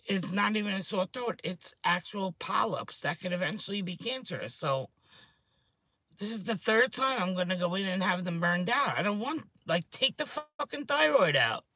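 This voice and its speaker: A woman's voice: on the low side, normal speed, dry recording. Hyped-up, rambling New woman. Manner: rambling, excitable, swears freely. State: hoarse throat. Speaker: vlogger. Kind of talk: casual chat to camera.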